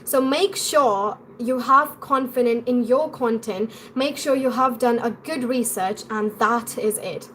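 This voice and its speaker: Fielding viewer questions during a live stream, this young English pronunciation coach talks fast and chattily in an acquired British accent. She sounds a little high and a bit bright, with a touch of hiss or hum in the audio.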